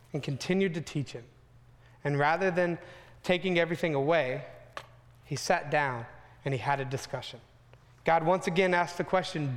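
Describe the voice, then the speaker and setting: A young man preaching a sermon in a relaxed, conversational way, with casual asides to the congregation. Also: fairly high pitch, in a large hall.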